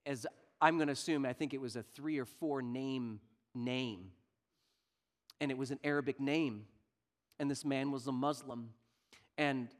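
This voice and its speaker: A man preaching a sermon earnestly, dropping to near-quiet and rising loud for emphasis. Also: medium pitch.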